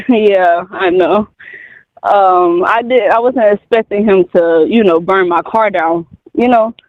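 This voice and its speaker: A man in his twenties from North Carolina, calling in for advice, talking haltingly with many fillers and restarts. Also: high voice, no echo. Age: 20s. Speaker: caller. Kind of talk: advice call-in conversation. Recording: tinny phone line.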